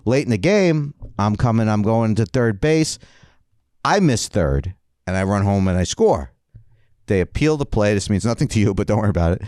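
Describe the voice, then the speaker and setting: A middle-aged man co-hosting a podcast, telling a story in casual chat, laughing often and getting loud as he relives his anger. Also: fairly low pitch, normal speed, no room sound, clean studio sound. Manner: animated storyteller, laughs often, voice climbs when recounting anger. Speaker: podcast co-host.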